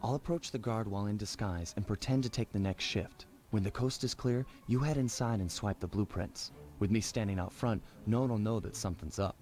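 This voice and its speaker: A man's voice: lowish voice, brisk, few pauses, a little mellow, close to an everyday voice. An actor voicing a suave adult male raccoon master thief in a game, talking in a cool, confident, wry way. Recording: game audio with faint music.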